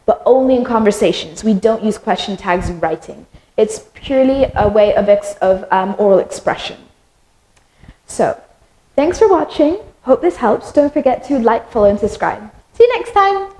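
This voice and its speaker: A woman's voice: a little high, expressive, normal speed, dark tone. A woman teaching English grammar in a friendly, chatty way, acting out example questions with rising intonation. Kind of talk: explaining grammar to learners. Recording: echoey room.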